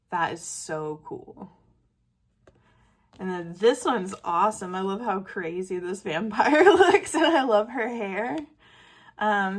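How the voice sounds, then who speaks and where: A woman hosting a casual art video, narrating artwork she received and gushing over it with frequent fillers and small laughs. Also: medium pitch. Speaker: art channel host. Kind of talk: casual show-and-tell narration.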